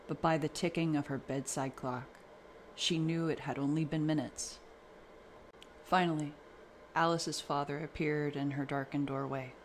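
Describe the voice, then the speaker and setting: A man narrating a horror story in a steady, even reading voice. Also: a little high, slight background noise.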